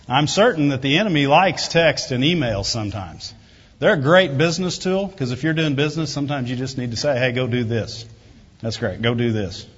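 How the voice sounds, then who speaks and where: A pastor preaching a sermon in a conversational way, often asking "Right?" and rising loud and high for emphasis before dropping low and quiet. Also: male voice, slightly rough. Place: church hall. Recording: dull reverberant hall recording.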